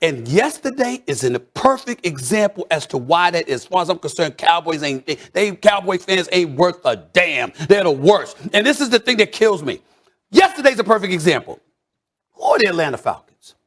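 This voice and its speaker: A man's voice: high voice, big pitch swings, moderate pace. Theatrical man ranting on sports TV. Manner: loud, theatrical ranting with mock outrage. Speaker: sports debate host. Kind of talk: heated sports debate.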